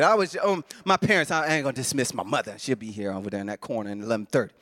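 Rapid-fire, with hardly any pauses, a man preaches a heartfelt, emotional sermon. He often restarts phrases and chuckles, moving between soft, low passages and louder bursts.

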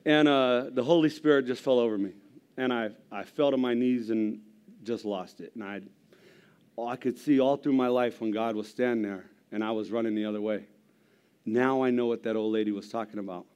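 A gruff middle-aged man stands before a church congregation, telling his testimony like a story. He mixes jokes with earnest conviction, his voice sitting at an ordinary pitch. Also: fairly quick, warm tone. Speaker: lay preacher giving testimony. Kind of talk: sermon testimony.

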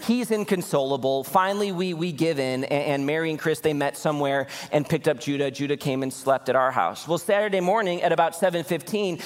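A male pastor giving a sermon in a church, animated and conversational, often asking the congregation questions. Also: on the high side. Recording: long hall reverb.

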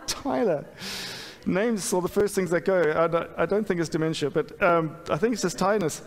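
A man's voice: sits high, normal speed. A middle-aged man preaching a sermon in a church, candid and self-deprecating, with many fillers and restarts. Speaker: pastor. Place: church hall. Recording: long hall reverb.

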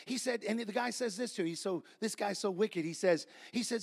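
A man preaching a sermon, telling folksy stories and building to repeated, shouted refrains. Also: high voice, brisk, creaky, hardly any pauses. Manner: folksy storytelling.

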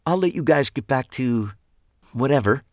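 For an audiobook, a man performs a brisk, awkward landlady in an expressive, mid-range voice pitched above his own yet close to everyday speech. The studio recording is clean with no room sound.

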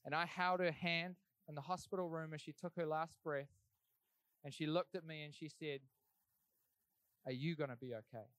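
A man's voice: a little high, level tone, normal speed, fairly bright tone, smooth, no room sound. Earnest young man sharing a church testimony. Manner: earnest, conversational storytelling. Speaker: church speaker giving testimony. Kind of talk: sermon testimony.

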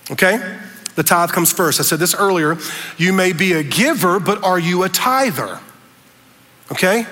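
Fiery pastor preaching in a hall. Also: male voice, high-pitched. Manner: fervent, shouting peaks, Southern preacher cadence. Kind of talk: sermon. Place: large church stage. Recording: long reverb of a large hall.

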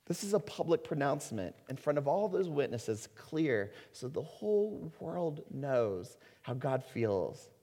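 A male pastor delivers a sermon in an earnest, unhurried way, his fairly high voice swelling into loud emphasis and then sinking into slow, quiet passages. The sound rings with the long reverb of a large hall. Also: big pitch swings.

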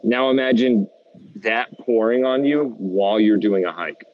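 A man's voice: on the low side, a little slow, narrow, tinny audio. A young American man co-hosting a casual podcast, laid-back and saying "dude" a lot. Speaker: podcast co-host.

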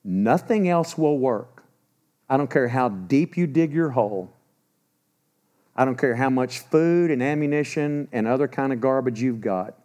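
A man in his sixties preaching a sermon, emphatic, swinging between loud urgency and low, grave warnings. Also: lively intonation, measured pace. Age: 60s.

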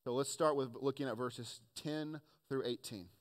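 A man preaching a sermon with earnest emphasis, rising to loud points and dropping to quiet asides. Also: mid-range voice, moderate pace. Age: adult, has children. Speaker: pastor.

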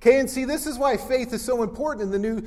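High-voiced man preaching in an echoing hall. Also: fast talker. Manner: conversational, animated, acts out Bible characters. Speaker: pastor. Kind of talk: casual teaching sermon.

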